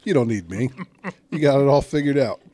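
A man's voice: mid-range voice, expressive, a little fast, warm tone. Man co-host, casual snack-review chat, teasing and jokey. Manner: joking, teasing questions. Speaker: podcast co-host.

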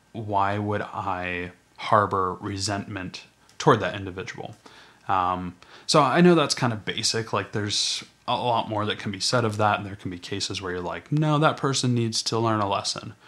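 A man with a lowish voice hosts his own podcast, talking things through with himself in a loose, rambling way. He pokes fun at himself and trips over his words, restarting sentences as he goes. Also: fairly bright tone. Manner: casual, self-deprecating, rambling with restarts. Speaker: podcast host. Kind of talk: solo podcast monologue.

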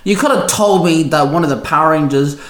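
A man's voice: a little high, a little fast, fairly bright tone, lightly acted. A man voicing a moody, blunt young half-vampire who growls and barks his lines, in an echoey room. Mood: irritable. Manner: growling, barking delivery.

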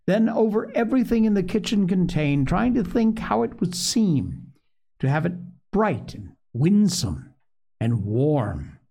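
Male storyteller; mellow, gravelly, animated read-aloud voice, on the higher side. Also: unhurried. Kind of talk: storybook reading.

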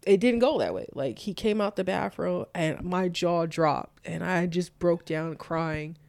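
A young adult woman telling a personal story in a casual talk, animated and full of "like", acting out both sides of the dialogue. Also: on the low side, measured pace, vocal fry, no echo.

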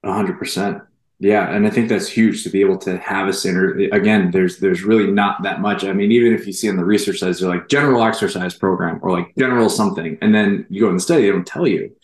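A man's voice: deep voice, steady tone, fast. A man hosting an interview who asks long, rambling questions full of fillers. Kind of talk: conversational interview. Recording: roomy echo.

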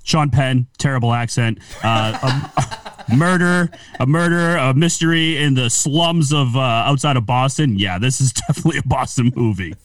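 A man's voice: medium pitch, moderate pace, recorded from a distance. A man co-hosting a casual podcast chat, laughing and throwing in wisecracks. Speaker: podcast co-host.

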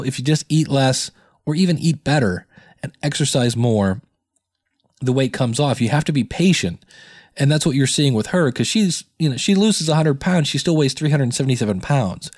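A man's voice: medium pitch, darkish tone, no room sound, clean studio sound. A man hosting his own podcast in a rambling, chatty way, with many fillers. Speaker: podcast host. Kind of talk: casual solo podcast chat.

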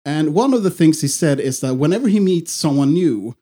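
A man's voice: fairly high pitch, animated, brisk, warm tone. A man co-hosting a casual podcast, rambling and swearing freely, with frequent restarts. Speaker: podcast co-host.

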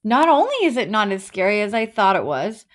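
A woman's voice: medium pitch, fairly quick. A woman in her thirties co-hosting a podcast, telling stories with energy in casual chat, with lots of "like"s. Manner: energetic, storytelling, many "like"s. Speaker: podcast co-host.

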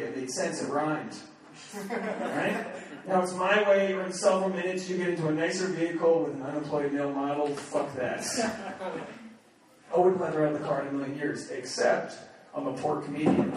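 A man from New England works a comedy club stage with a brash, crude delivery, trading jabs with hecklers. His voice sits high for a man. The set is recorded from a distance in an echoey room, with a crowd laughing loudly behind him. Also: a little fast. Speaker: standup comedian. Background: audience laughter and heckling.

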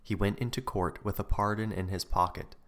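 A man reading a sermon aloud in an earnest, measured way. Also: fairly low pitch, steady tone. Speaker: preacher. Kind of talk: read sermon.

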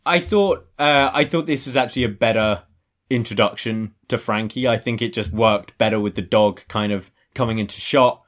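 A man co-hosting a casual wrestling review podcast, relaxed and analytical. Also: lowish voice, moderate pace. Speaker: podcast co-host.

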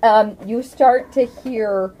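A woman's voice: on the high side, poor audio. A woman narrating as game master in a casual tabletop game, with playful asides. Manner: unhurried, animated storytelling with playful asides.

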